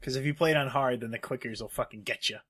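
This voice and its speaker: A man's voice: mid-range voice, fast talker, fairly bright tone. A man co-hosting a casual gaming podcast, rambling with hesitant asides and swearing. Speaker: podcast co-host.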